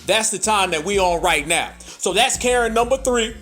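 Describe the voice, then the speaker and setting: A man's voice: sits high, expressive, moderate pace, fairly bright tone, faint music behind. A man hosting political commentary, emphatic and profane, repeating points for emphasis. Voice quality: emphatic, repetitive, profane, preacher-like. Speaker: host.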